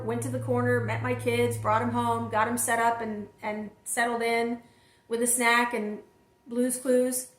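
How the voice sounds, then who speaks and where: A woman telling a personal story to her viewers, animated and talking straight to them. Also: a little high, echoey room. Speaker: vlog host and single mother.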